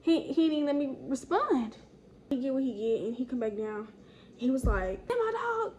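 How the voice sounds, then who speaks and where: Young woman storytiming, kinda high voice, slangy and animated, lil hiss in the background. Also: normal speed, muffled recording. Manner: animated, slangy, acts out quotes in higher voice. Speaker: storytime vlogger. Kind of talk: casual storytelling.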